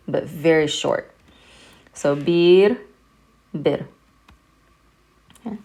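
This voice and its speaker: A woman professor giving a recorded lecture, patiently repeating sounds for her students to hear. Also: sits low. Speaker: Arabic language professor.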